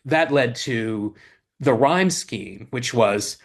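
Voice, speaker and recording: A man's voice: mid-range voice, expressive, takes it slowly. A lyricist and co-host in casual talk, explaining his craft with eager restarts as he thinks aloud.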